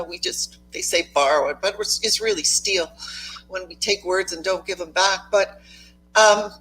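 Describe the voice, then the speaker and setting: A woman English teacher explains her ideas in a conversational discussion. Her voice is bright and forceful, with a faint hum behind it. She speaks emphatically and drives her points home with quick examples. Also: mid-range voice, low-quality recording.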